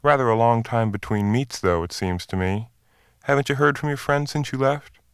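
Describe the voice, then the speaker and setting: A man's voice: medium pitch, normal speed, smooth, dry recording, studio quality, lightly acted. A man reading the part of an easygoing beat policeman who asks friendly, casual questions.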